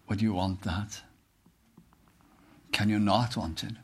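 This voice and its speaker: Older British male preacher; earnest, slow sermon delivery with hymn recitation. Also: lowish voice, steady tone, breathy edge.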